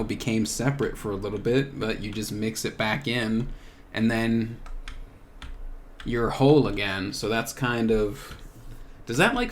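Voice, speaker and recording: Low-voiced man musing aloud. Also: slight background noise. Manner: musing, searching, many "like" fillers. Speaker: podcast host. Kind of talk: reflective solo monologue.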